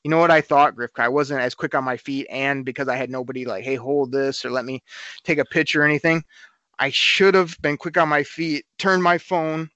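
A man co-hosting a podcast, telling a story in a casual, animated way and acting out the quotes. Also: mid-range voice, no room sound, highs cut off. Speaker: podcast co-host.

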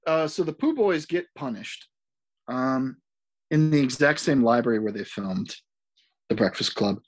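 A man in casual podcast talk, halting and repeating words as he complains dryly about a movie. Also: mid-range voice, expressive. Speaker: podcast co-host.

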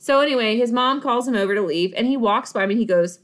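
A woman with a fairly high voice co-hosting a podcast. She tells a personal story casually and dramatically, punching her points with quick asides and often laughing as she talks. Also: fairly bright tone. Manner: emphatic, dramatic retelling with frequent asides; laughs while talking. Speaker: podcast co-host.

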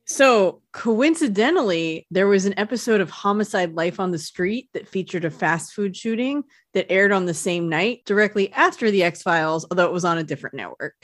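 A woman's voice: medium pitch, animated, normal speed, hardly any pauses, no echo, studio quality. A woman co-hosting a podcast, chatting casually and sharing background trivia about an episode. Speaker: podcast co-host. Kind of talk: casual chat.

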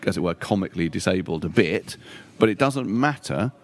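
A man's voice: deep voice, expressive, brisk. A middle-aged man, a comedian and writer talking as an interview guest in a rambling, self-deprecating way and swearing casually. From London.

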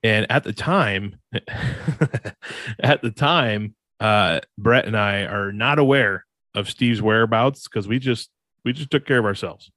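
A man's voice: fairly low pitch, unhurried, pushed and bright, no echo. A man co-hosting a podcast, telling a rambling story in a casual way and laughing along. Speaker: podcast co-host.

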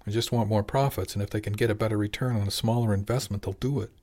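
A man's voice: on the low side, fairly even intonation, quick pace, darkish tone, close to an everyday voice. A man voicing a weary, conflicted young male heir to a fishing company in an audiobook.

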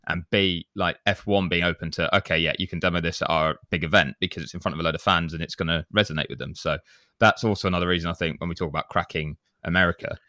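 A man's voice: low voice, fairly even intonation, fast, bright, forceful tone, no echo, studio quality. An English man hosting a podcast, leading the conversation and teasing his co-hosts. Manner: leads the talk, teasing. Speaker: podcast host. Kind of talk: casual chat.

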